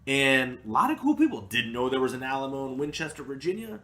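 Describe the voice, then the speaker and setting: A man's voice: medium pitch, big pitch swings, quick pace, sharp tone. A man co-hosting a podcast, telling a story in casual chat, acting out the people he quotes and laughing often. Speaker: podcast co-host. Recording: roomy echo.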